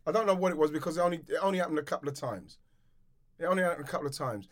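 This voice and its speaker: A man, telling rambling, animated stories in casual chat, laughing often and restarting his sentences. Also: a little high, rapid-fire. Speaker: podcast guest.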